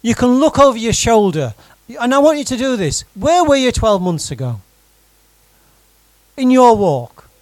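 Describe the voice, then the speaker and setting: A man preaching a sermon to his congregation in a conversational, animated way, often putting direct questions to the room. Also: extremely high pitch, brisk, few pauses, no echo, rough recording. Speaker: pastor.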